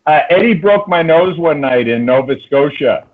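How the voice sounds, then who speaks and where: Halting man on a tinny line. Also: a little high, expressive. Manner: halting, many restarts and fillers. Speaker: podcast host. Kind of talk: casual chat.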